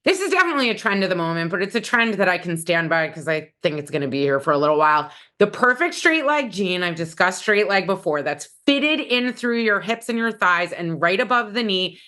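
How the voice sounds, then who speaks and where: Bright-voiced, blunt woman stylist. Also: fairly low pitch, lively intonation, a little fast, hardly any pauses. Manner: bold, blunt and opinionated. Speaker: fashion stylist. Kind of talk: casual how-to advice talk.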